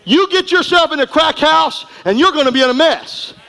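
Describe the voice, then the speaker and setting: A middle-aged man preaching a sermon, folksy and emphatic, going from quiet asides to shouting. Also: very high-pitched, moderate pace, vocal fry, low-quality recording. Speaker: pastor.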